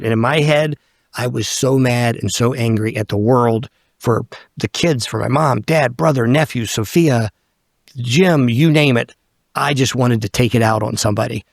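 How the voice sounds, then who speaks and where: A man's voice: mid-range voice, dry recording, clean studio sound. A man in his fifties, a podcast guest, telling a story bluntly and candidly, swearing freely and acting out what people said. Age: 50s.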